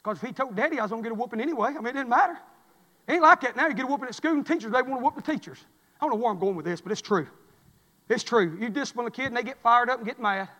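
High-voiced preacher in a reverberant hall. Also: male voice, lively intonation, rapid-fire. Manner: folksy storytelling, swinging between loud cries and low murmurs. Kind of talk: sermon.

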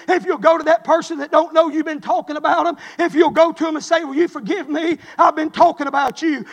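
A man preaching a sermon as pastor, in a rhythmic style that swells to shouts and drops low.

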